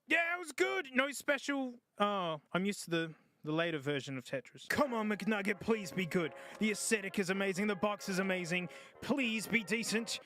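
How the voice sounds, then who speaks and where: A man's voice: high-pitched, animated, moderate pace, bright, forceful tone, soft background music. A man doing casual, jokey live-stream gaming commentary, yelping and groaning at the game as he plays.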